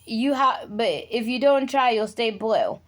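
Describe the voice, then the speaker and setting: A woman's voice: on the high side, lively intonation, unhurried. An eager, well-mannered young girl in a storybook, as a woman reading aloud puts her on. The voice sits a bit above the reader's own and stays polite and earnest. It is a light storytime voice.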